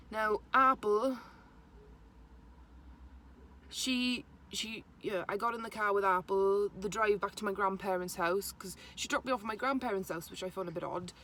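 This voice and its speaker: A young woman, haltingly retelling a personal story to camera, with many restarts. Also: medium pitch, a bit bright. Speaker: vlogger.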